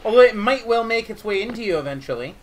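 A woman playing a multiplayer game in a put-on British accent, narrating her own moves and breaking into panicked shouts. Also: on the high side, expressive, fast, a little hiss or hum. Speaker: gamer.

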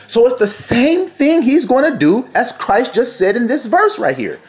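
Impassioned preacher man, lively pitch. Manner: fervent, questioning the audience, drawn-out quotes. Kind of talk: impassioned sermon with scripture reading.

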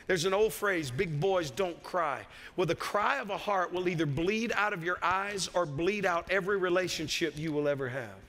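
Bright high-voiced preacher in a hall. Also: male voice, a little fast, few pauses. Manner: emphatic, repeats key phrases. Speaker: pastor. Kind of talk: sermon. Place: church sanctuary.

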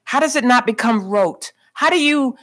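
Brief: female interviewer, higher voice, thoughtful and searching, live library stage. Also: lively intonation, normal speed. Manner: thoughtful, searching questions, quoting the guest. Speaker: interviewer, poet. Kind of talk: live onstage author interview. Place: library stage before an audience.

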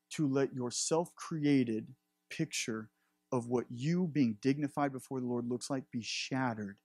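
Male pastor, sermon delivery, earnest, a raspy edge, mid-pitched. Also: a little mellow, no echo. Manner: earnest, building emphasis.

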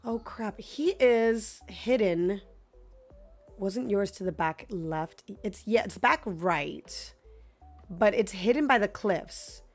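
A woman's voice: mid-range voice, lively intonation, takes it slowly, soft background music. A woman streaming a video game live, chatting with her viewers, laughing often and talking back to the game characters into her microphone. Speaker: gaming streamer.

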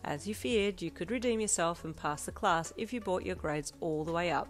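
A woman reading a fanfiction story aloud in the second person, calm and even, as a storyteller. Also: lowish voice, normal speed, few pauses. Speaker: fanfiction reader. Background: soft backing music.

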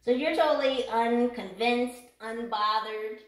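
A woman's voice: a little high, measured pace. A woman giving a casual tarot reading in a chatty, joking way, swearing freely and laughing often. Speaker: tarot reader. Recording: echoey room.

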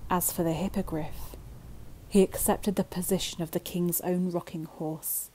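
A woman telling a bedtime story in a gentle, slow way that sometimes drops to a whisper. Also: lowish voice, fairly even intonation, a little hiss or hum, poor audio.

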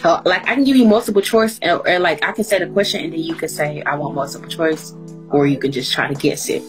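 A woman hosts an easygoing interview, talking in loose slang and laughing often. Her voice sits a little low. Music plays clearly behind her. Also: fast, low-quality recording. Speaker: interview host. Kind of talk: casual interview chat.

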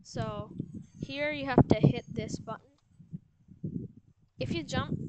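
A woman talks through a game walkthrough at an unhurried, drawn-out pace, her voice sitting slightly high. She rambles, second-guesses herself and fills gaps with ums. Loud noise and clicking run under the recording. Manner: rambling, unsure, many fillers. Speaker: game guide host. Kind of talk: casual gameplay walkthrough.

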